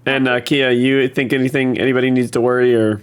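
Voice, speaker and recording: A man hosting a podcast in casual chat, relaxed and steering the talk with questions. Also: medium pitch, quick pace, clean tone. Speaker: podcast host.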